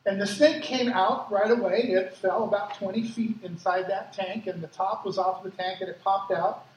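A man who grew up in Africa, preaching a sermon with lively personal stories and acted-out quotes, as a pastor. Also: high-pitched, moderate pace, highs cut off, a little hiss or hum. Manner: lively storytelling, acts out quotes. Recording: echoey hall from far off, faint ambience.

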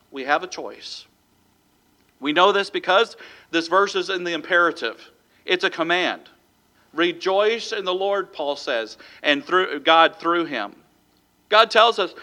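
A man's voice: fairly high pitch, sharp tone. A man preaching a sermon as pastor, reading scripture and calling out "amen?" to the congregation. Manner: reads scripture aloud and breaks it into numbered points.

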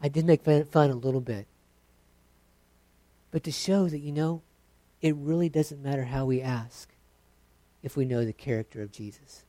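A preacher delivers a sermon in a relaxed, conversational way, poking fun at their own habits. The voice sits mid-range and sounds close and dry, with no room echo. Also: medium pitch, normal speed, long pauses. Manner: conversational, self-deprecating, mimics prayers.

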